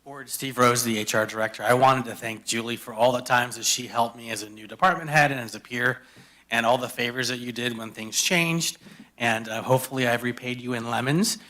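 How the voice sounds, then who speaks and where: A man's voice: medium pitch, brisk, bright, forceful tone. A human resources director, a man, giving a friendly, lightly joking thank-you in a county meeting chamber. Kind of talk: public comment tribute.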